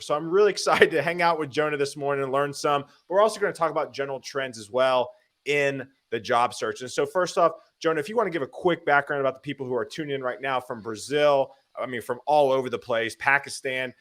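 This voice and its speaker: A man hosting a live web show, talking in an upbeat, energetic, chatty way. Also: mid-range voice, quick pace. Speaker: host. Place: home in Nashville.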